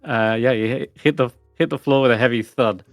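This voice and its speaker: A man narrating as dungeon master, relaxed and hesitant, with plenty of fillers. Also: medium pitch, a little fast, no echo, studio quality, soft background music. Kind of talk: narrating a tabletop game.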